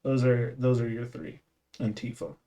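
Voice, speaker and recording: A man's voice: mid-range voice, little pitch movement, moderate pace, warm tone. A man co-hosting a casual podcast, rambling and correcting himself, laughing often and swearing casually. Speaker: podcast co-host. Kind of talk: casual gaming podcast chat.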